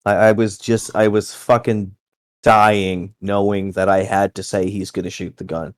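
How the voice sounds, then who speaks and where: A man's voice: fairly low pitch, flat delivery, a little slow, dry recording, studio quality. A man playing a tabletop game in casual chat, swearing freely and stumbling over his words. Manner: swears freely, flustered restarts.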